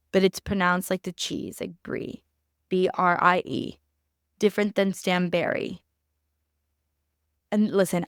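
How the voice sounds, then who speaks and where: A woman's voice: lowish voice, gravelly, no echo, clean studio sound. A young woman hosting a podcast, giving blunt, opinionated takes in a casual recap and swearing freely. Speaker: podcast host.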